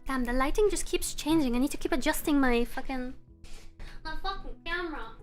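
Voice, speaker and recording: High-voiced woman chatting on a livestream. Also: a little fast, faint music behind. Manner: chatty and relaxed, laughs often, talks to her chat. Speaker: live streamer. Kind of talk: casual live-stream chat. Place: room at home.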